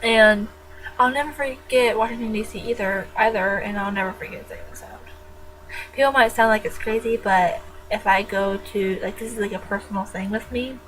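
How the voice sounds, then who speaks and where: A woman's voice: mid-range voice, fairly even intonation, moderate pace, background noise. A teenage girl chatting casually in her own vlog, rambling and jokey with frequent giggles. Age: teens. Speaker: vlogger.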